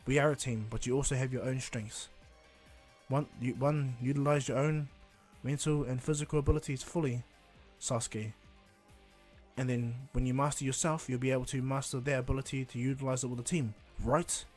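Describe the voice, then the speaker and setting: A man voicing a self-assured young male ninja in his own voice, talking in a calm, lecturing way. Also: mid-range voice, normal speed, faint music behind, natural voice. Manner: calm, lecturing and slightly cocky.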